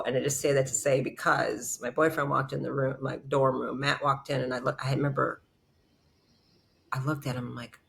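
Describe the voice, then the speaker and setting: A woman chiropractor telling her story in an interview, blunt and animated, acting out past conversations and swearing freely. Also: very deep voice, gravelly. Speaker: chiropractor and podcast guest.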